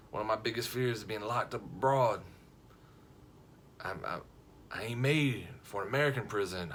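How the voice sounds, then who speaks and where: A man casually telling a funny story to camera, lively and jokey, acting out the other people's lines as he goes. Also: medium pitch, a little hiss or hum. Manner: animated, jokey, frequent restarts and quoted voices.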